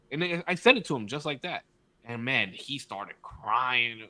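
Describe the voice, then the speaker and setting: A man co-hosting a casual podcast, an animated storyteller who acts out quotes and swears freely. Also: mid-range voice, moderate pace. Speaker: podcast co-host, father.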